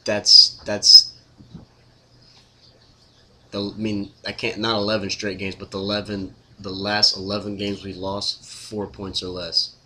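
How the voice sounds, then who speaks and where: A man's voice: on the low side, flat delivery, normal speed, few pauses, pushed and bright, slight background noise. A man ranting casually to camera as a sports fan, exasperated, repetitive and blunt.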